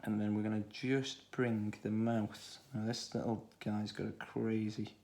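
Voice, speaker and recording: Low gravelly man with a Stoke accent. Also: unhurried. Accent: Stoke-on-Trent English. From England. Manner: relaxed, thinking aloud while drawing. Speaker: art tutor. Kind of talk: drawing tutorial for children.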